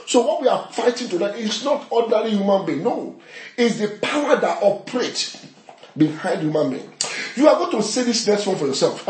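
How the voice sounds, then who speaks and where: A man leading a fervent prayer session in church, shouting repeated declarations and breaking into tongues. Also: sits high, sing-song, moderate pace. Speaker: pastor. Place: church service. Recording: roomy echoey hall.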